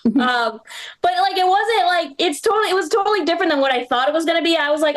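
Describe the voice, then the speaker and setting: At a small live comedy venue with an audience, a young stand-up comedian from the Boston area tells a rambling story packed with "like" and little laughs. Her voice is extremely high, fast, and lively in intonation.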